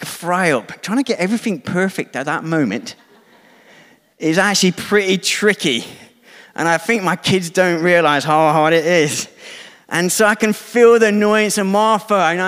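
A man's voice: fairly high pitch, moderate pace, a bit bright, smooth, in a large hall. A middle-aged man preaching a conversational, self-deprecating sermon to a church congregation, now and then acting out quoted dialogue.

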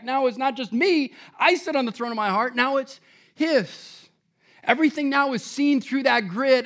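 A man preaching a sermon to a congregation, conversational and animated, joking with his listeners. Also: very high voice. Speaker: pastor.

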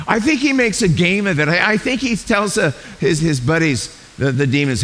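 A man preaching a sermon as a pastor, animated and acting out the voices he quotes. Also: fairly high pitch, normal speed, hardly any pauses. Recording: long hall reverb with faint hiss.

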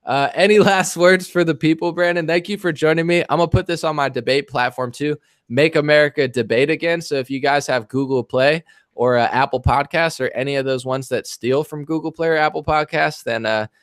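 A man's voice: a little high, fairly quick, no echo. Podcast host, male, casual rambling storyteller with a joking edge; dry, close sound. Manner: rambling and jokey. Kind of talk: casual chat.

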